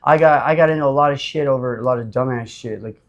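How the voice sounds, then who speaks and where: A man from Utah, a podcast guest telling his life story in a blunt, profane, animated way, full of fillers. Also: mid-range voice, quick pace. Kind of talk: casual storytelling.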